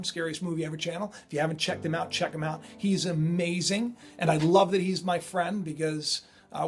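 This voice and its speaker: High-voiced rambling male vlogger. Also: husky. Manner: excitable, digressive, self-interrupting. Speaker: channel host. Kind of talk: rambling spiritual commentary.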